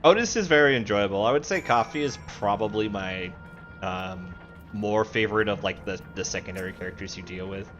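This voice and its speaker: A male streamer chatting through a story game in a lowish voice. He rambles off on tangents, swears freely and pokes fun at himself. Faint game music runs underneath. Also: a little fast, fairly bright tone, lo-fi sound. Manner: rambling, swearing, self-mocking. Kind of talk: casual live game commentary.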